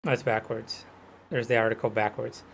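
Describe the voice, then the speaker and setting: A man's voice: on the low side, little pitch movement, moderate pace, vocal fry, a bit bright, a little hiss or hum. A man from Hawaii chatting loosely while streaming a game, rambling and full of fillers. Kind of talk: casual chat while gaming.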